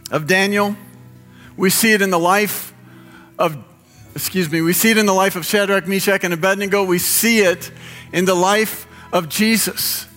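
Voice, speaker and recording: A middle-aged man preaches in a high, bright voice, rising into passionate, almost shouted peaks. His words echo with a long hall reverb, and soft music plays underneath. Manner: passionate, building to near-shouting climaxes. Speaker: pastor. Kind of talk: sermon. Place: large hall. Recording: live sermon in a reverberant hall with music behind.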